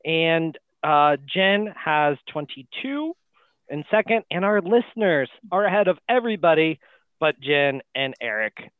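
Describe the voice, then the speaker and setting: A man's voice: on the high side, expressive, a little slow, smooth, no echo. A man co-hosting a casual sports podcast, teasing the others with dry jokes. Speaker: podcast co-host. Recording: dry, tinny phone-like line.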